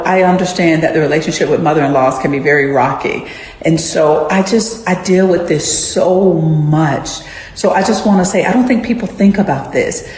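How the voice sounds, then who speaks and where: A woman's voice: on the low side, darkish tone. A woman who works in a care facility, earnestly telling a story from her job. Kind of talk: storytelling clip. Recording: echoey room with long reverb.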